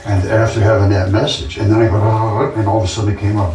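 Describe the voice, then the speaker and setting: A man with a fairly low voice speaks earnestly and insistently, circling back over the same words as he tells his story. He sits some way off from the microphone. The room around him rings and echoes. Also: steady tone, brisk, few pauses, darkish tone. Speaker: vlogger. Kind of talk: casual monologue. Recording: roomy, distant from the mic.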